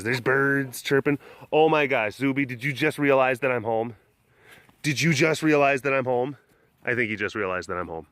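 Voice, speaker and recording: A man vlogging from an outdoor animal compound in the country, casually chatting and cooing at the cats in a high, playful voice. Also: no echo. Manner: coos at the cats in a high, playful voice and laughs often. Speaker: big cat keeper and vlogger. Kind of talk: casual vlog.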